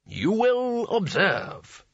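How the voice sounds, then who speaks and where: A husky-voiced man playing a fat, jovial old male wizard who talks in a hearty, slow, indulgent way. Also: high voice, huge pitch swings, no room sound, voice pushed up, exaggerated voice. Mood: showy. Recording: dull lo-fi dry recording.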